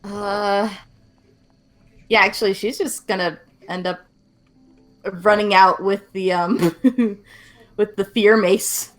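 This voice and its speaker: A woman playing a tabletop game, describing her character's actions in a giggly, halting way. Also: medium pitch, steady tone, faint music behind. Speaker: player. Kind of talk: casual tabletop game chat.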